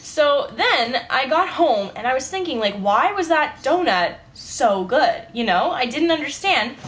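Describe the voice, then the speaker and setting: A woman's voice: sits high, sing-song, a little slow, fairly bright tone. A young woman vlogging at home right after waking up, with a morning voice, talking casually and rambling, saying "like" and "you know" a lot. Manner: chatty, rambling, says "like" and "you know" often. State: morning voice, just woke up. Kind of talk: casual vlog monologue. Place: at home, indoors.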